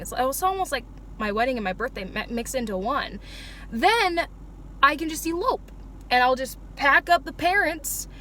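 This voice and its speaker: Bright high-voiced young woman rambling. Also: slight background noise. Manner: chatty, joking, self-mocking. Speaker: vlogger. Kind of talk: casual rambling monologue.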